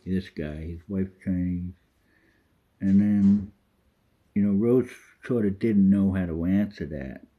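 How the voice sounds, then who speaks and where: Man, deep raspy voice, rambling self-talk vlog, dull lo-fi sound. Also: slow pace. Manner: rambling, refers to himself in the third person; swears freely, drifts off topic. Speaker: vlogger. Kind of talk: rambling monologue.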